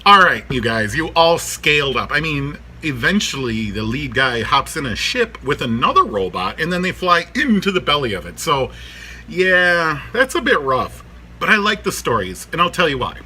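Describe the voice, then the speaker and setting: Bright, animated man rambling in his workshop. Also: fairly high pitch, normal speed, a little hiss or hum. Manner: rambling, animated, laughs often, talks to his dogs. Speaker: vlogger reviewing a cartoon. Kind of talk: casual chat to camera.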